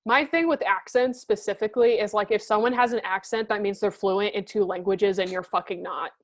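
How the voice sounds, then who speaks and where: A woman's voice: mid-range voice, fairly even intonation, fairly quick. A young woman chatting casually with a friend. She talks bluntly, swears freely and fills her sentences with fillers. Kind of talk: casual chat.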